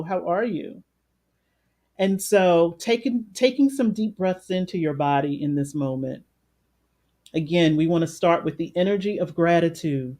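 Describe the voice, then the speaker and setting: A woman life coach with a big, loud voice leading a live-streamed guided meditation. She talks conversationally, greets viewers by name and repeats phrases for emphasis. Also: on the low side.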